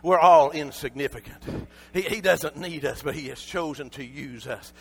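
A male preacher, preaching a sermon that swings from shouted peaks to soft, close asides. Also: fairly high pitch, moderate pace, vocal fry, breathy edge.

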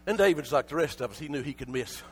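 A male preacher, preaching a sermon that swings from shouted peaks to soft, close asides. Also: medium pitch, lively intonation, quick pace, slightly rough.

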